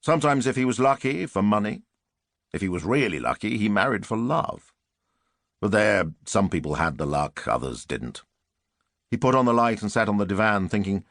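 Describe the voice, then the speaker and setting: A man reading a novel aloud as an audiobook narrator, measured and wry. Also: low-pitched, animated, a bit bright, dry recording, clean studio sound. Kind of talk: scripted narration.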